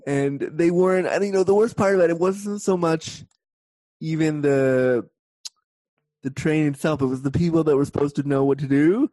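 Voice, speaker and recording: A Canadian woman hosting a podcast, chatting in a lively, rambling way with quick tangents. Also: sits low, no echo. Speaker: podcast host. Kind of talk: casual interview chat.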